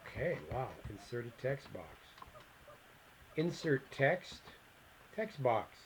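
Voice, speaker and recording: A man walks through a software tutorial at a middle pitch, reading out each step and muttering quiet asides to himself as he clicks. A faint hiss sits under the recording. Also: lively intonation, takes it slowly, low-quality recording. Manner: thinks aloud, mutters asides while clicking. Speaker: instructor.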